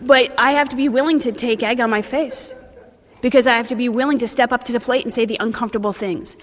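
A woman's voice: fairly high pitch, fairly even intonation, quick pace, in a large hall. A woman in her thirties with a New Jersey accent, speaking bluntly and animatedly at a recovery meeting, swearing and restarting her sentences. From New Jersey, USA. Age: 30s.

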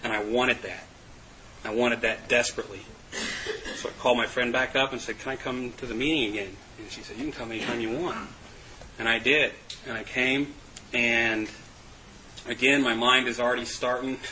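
A man's voice: mid-range voice, steady tone, moderate pace, long pauses, bright, forceful tone, slight background noise, rough recording. A man giving a candid, self-mocking personal testimony to a group, laughing often. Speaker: recovery meeting speaker.

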